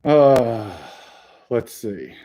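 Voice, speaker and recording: A middle-aged man hosts a casual live stream in an even, mid-range voice, chatting loosely with his viewers. He jokes around and breaks out in sudden loud bursts now and then. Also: mid-range voice, extremely slow. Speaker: podcast host reading live chat.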